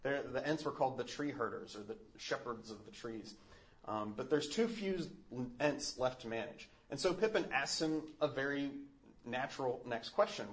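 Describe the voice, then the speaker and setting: A man's voice: mid-range voice, normal speed. Earnest man giving a faith talk. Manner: thoughtful, earnest, with frequent fillers and restarts. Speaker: Catholic speaker. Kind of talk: casual teaching talk.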